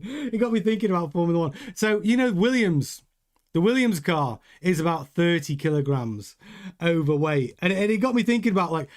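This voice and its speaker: A man hosting a motor racing news show, talking casually and rambling, joking and restarting his sentences. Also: high-pitched. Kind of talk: casual news commentary with live chat.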